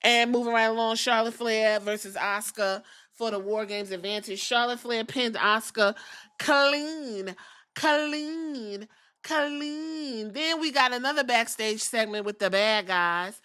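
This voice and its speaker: Bright-voiced woman, gossipy recap. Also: fairly high pitch, measured pace. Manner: slangy, profane, gossipy storytelling. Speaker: podcast host reviewing wrestling. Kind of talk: casual recap.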